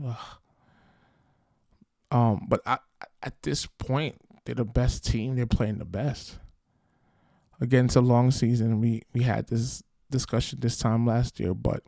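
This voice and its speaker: A man's voice: medium pitch, gravelly, warm tone, dry recording, clean studio sound. A man hosting a football podcast, talking in brash, slangy, trash-talking fan commentary.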